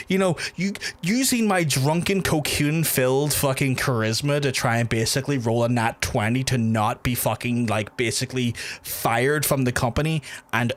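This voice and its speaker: A man's voice: mid-range voice, normal speed. A man with a Northern Irish accent, a streamer telling a rambling, profane, self-mocking story in casual talk while he plays.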